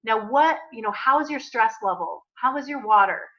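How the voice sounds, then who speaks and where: A woman's voice: fairly high pitch, expressive, normal speed, dull audio. A woman coach leading a live group coaching call, talking in an upbeat, chatty, eager way.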